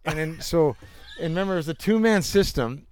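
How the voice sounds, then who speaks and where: A man's voice: fairly high pitch, expressive, brisk, a little mellow, dry recording. A young man in casual chat, telling rambling anecdotes with bursts of laughter and crude jokes. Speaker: storyteller.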